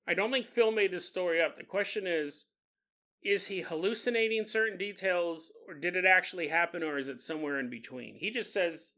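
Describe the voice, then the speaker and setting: A man hosting a podcast, telling a strange story in a joking, animated way and often laughing. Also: sits high, brisk. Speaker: podcast host. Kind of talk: comedic storytelling.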